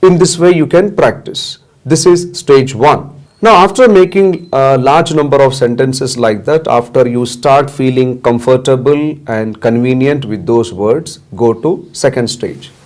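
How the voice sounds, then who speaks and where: Male English teacher, mid-pitched, steady drilling delivery, repeats examples patiently. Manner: slow, deliberate, repetitive drilling. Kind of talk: classroom lesson with drills.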